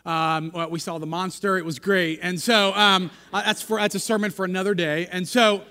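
A man's voice: high voice, steady tone, moderate pace, sharp tone, clear, resonant tone. A male pastor from the United States telling a chatty, self-deprecating story in a sermon, full of restarts and asides to the congregation. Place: church sanctuary. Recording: long hall reverb.

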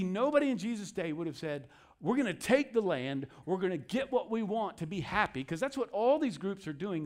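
A man who is a pastor, preaching a sermon in an animated way and acting out inner voices with asides. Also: high voice.

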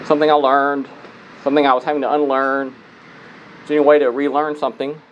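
A man's voice: medium pitch, flat delivery, quick pace, highs cut off, slight background noise. A man speaking conversationally to an audience, telling personal stories and asking listeners rhetorical questions. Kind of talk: conversational lecture.

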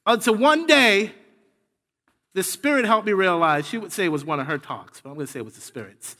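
A man's voice: high voice, lively intonation, fairly quick, pushed and bright, in a large hall. A man in his thirties preaching a sermon, chatty and personal at first, then building to fervent repeated phrases. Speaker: pastor.

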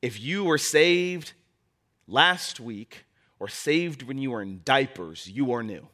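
A man's voice: medium pitch, expressive, slow, sharp tone. A young man preaching a sermon as pastor, repeating key phrases and building toward impassioned preaching.

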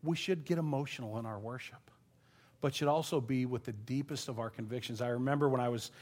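A man, a pastor, preaching a sermon in an earnest, emotional way, laughing at times and quick to choke up. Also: medium pitch. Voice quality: voice goes thin and quiet when choked up.

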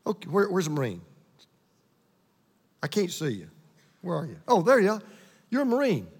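A man preaching a sermon to a congregation, with an emphatic, repetitive cadence that slows down for key lines. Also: sits high, huge pitch swings, slightly rough, long reverb tail. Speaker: pastor. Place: church hall with congregation.

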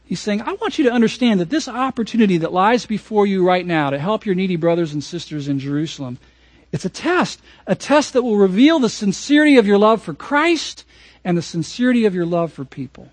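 A man preaching a sermon as pastor, emphatic and swinging from raised passages to hushed ones. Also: high voice, lively intonation, brisk, dry recording.

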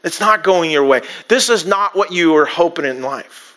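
A man's voice: on the high side, expressive, moderate pace, a bit bright. A man preaching a sermon, talking conversationally and acting out little asides, with frequent restarts. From United States. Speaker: pastor.

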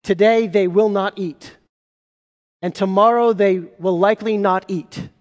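A man preaching a sermon as pastor, emphatic, asking rhetorical questions and slowing down on key phrases. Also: high-pitched, fairly even intonation, dull audio. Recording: long reverb of a large hall.

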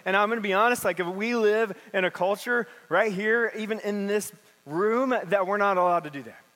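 Reading a passage of scripture before unpacking it in an easygoing, conversational manner, this pastor speaks at a normal speed. His voice is high and fairly bright, echoing with long hall reverb through the church sanctuary.

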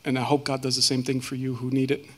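A man giving a personal testimony as a guest speaker, earnest and halting, with many fillers and restarts. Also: medium pitch, completely flat delivery.

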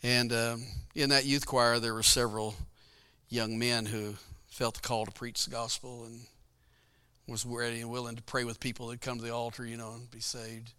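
A middle-aged man preaching a sermon through a personal story, his voice bright and crisp. He talks in a folksy, storytelling way and laughs often as he goes. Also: mid-range voice, flat delivery, moderate pace. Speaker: pastor. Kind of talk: sermon testimony.

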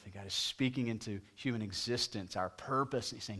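Male pastor with a mid-range voice, telling a sermon story, conversational and animated, dropping to a hush. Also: medium pitch, fairly quick, hardly any pauses. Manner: animated, swings between loud emphasis and soft hush; conversational, asks the congregation questions.

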